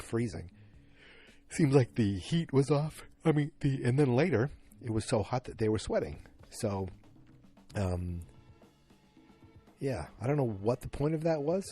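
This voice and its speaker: A man with a somewhat low voice rambles casually through a podcast recap, chatty and full of fillers. He talks from home with faint music in the background. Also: mellow. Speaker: podcast host. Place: at home in New England, moving about with his dog.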